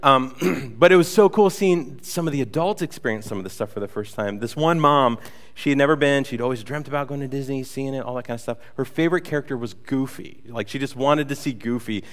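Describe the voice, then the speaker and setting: A man preaching a conversational sermon as a pastor, telling stories with playful, animated asides. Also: mid-range voice, fairly quick, in a large hall.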